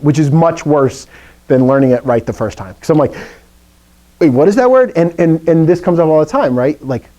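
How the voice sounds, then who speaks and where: Man teaching a lively classroom lesson. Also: mid-range voice. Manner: lively, explaining step by step, jokey asides. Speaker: Greek teacher. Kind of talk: classroom lecture.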